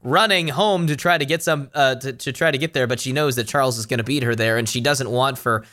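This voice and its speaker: A man's voice: medium pitch, brisk, sharp tone. A man in casual chat, thinking aloud with a hesitant delivery.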